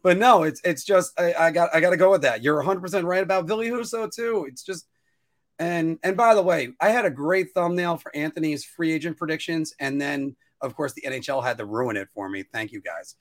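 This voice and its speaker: A man co-hosting a casual podcast chat, rambling and restarting his sentences, now and then jumping up into a high-pitched whine. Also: brisk. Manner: rambling, self-interrupting, animated with sudden high-pitched whining bursts. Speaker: podcast co-host.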